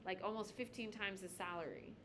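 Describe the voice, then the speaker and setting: A woman lectures a high school class in a classroom, blunt and joking as she calls on students by name. Her voice is bright and forward. A faint hum of noise sits behind her. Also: steady tone, fairly quick. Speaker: high school history teacher.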